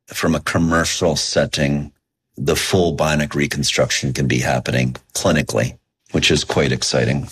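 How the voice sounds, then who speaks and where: Very deep husky-voiced male researcher. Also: steady tone, fairly bright tone. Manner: measured, explanatory. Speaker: researcher guest. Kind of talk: interview answers.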